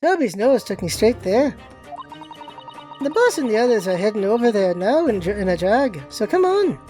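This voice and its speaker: A woman's voice: on the high side, very animated, moderate pace, dark tone, soft background music. A woman voicing a brash, streetwise young female pickpocket in a put-on mixed Irish and Scottish accent, blunt and cheeky. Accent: put-on Irish-Scottish mix.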